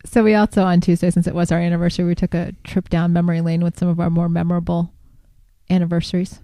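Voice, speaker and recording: A woman's voice: lowish voice, little pitch movement, fast talker, dark tone, dry recording. A woman in her thirties co-hosting a marriage podcast, chatting casually with a playful, teasing manner. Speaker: podcast co-host. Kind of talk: casual chat.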